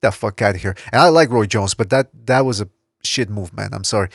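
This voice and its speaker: A man hosting a boxing podcast in casual chat, blunt and quick to swear and laugh. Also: on the low side, no echo, studio quality. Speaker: podcast host.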